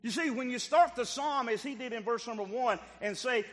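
A man pastor preaching a sermon in a church, acting out the voices of biblical figures and swinging between loud calls and quiet, tender passages. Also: very high voice, normal speed, hardly any pauses, long reverb tail. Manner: dramatic preaching, acts out biblical dialogue, swings loud to soft. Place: church sanctuary.

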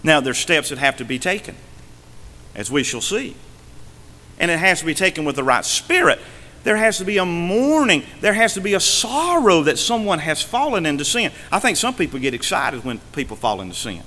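A male pastor preaching a sermon from the pulpit, swinging between emphatic and hushed delivery. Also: on the high side, very animated, normal speed, in a large hall. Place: church sanctuary.

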